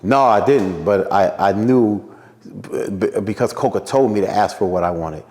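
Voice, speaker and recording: A man's voice: lowish voice, moderate pace, long reverb tail. A man from Philadelphia, a radio personality, telling stories in a casual interview and acting out the voices of the people he quotes. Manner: animated storyteller acting out quotes in a raised voice.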